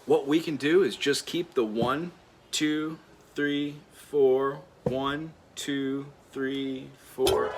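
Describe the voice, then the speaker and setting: A music teacher gives a friendly ukulele lesson, counting beats aloud and explaining scales and chords in a mid-range, slow-paced male voice. Ukulele playing sits behind him, and the background noise is heavy.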